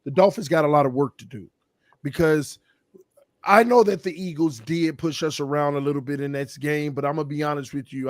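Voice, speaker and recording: A man's voice: fairly high pitch, no echo, clean studio sound. A man, losing his voice, giving an emphatic, slangy take in a casual sports debate as a roundtable panelist. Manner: emphatic, slangy, fast bursts. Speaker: roundtable panelist, team fan.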